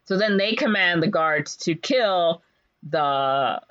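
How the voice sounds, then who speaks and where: A woman's voice: animated, slow pace, fairly bright tone, no room sound. Playful podcaster woman, muffled lo-fi sound. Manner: playful, acts out lines in squeaky voices, frequent ums and likes. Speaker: podcast co-host. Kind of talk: casual movie recap. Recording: dull lo-fi podcast audio.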